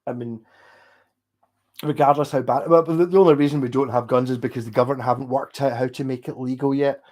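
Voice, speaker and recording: A man's voice: mid-range voice, steady tone, brisk, a little mellow. A drunk man with a Scottish accent, hosting a casual late-night livestream, rambling and swearing as he rants to viewers. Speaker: livestream host.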